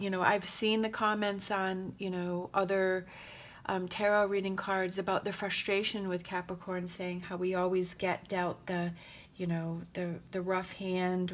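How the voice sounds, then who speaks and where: A woman giving a casual tarot reading in a gentle, rambling and emotional way, with many pauses and fillers. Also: mid-range voice. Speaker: tarot reader.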